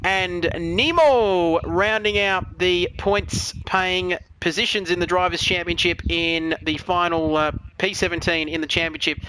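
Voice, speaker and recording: A man's voice: sits high, steady tone, a little slow, few pauses, bright, forceful tone, a little hiss or hum, low-quality recording. An Australian man calling a sim racing league, full of jokey, matey banter and with a voice worn out by the night. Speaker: lead commentator.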